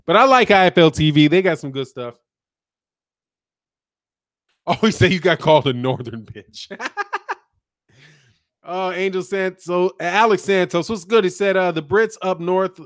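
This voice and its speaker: A man's voice: a little high, dry recording, clean studio sound. An American man hosting his channel, chatting casually and joking while he reads viewer comments aloud, laughing often. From United States. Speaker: channel host. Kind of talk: casual chat reading live comments.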